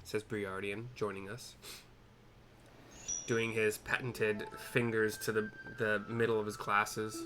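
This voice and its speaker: A man's voice: fairly low pitch, little pitch movement, moderate pace, pushed and bright, soft background music. Chatty man narrating a game. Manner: chatty and rambling, self-correcting. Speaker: gameplay narrator. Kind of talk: casual playthrough narration with audio description.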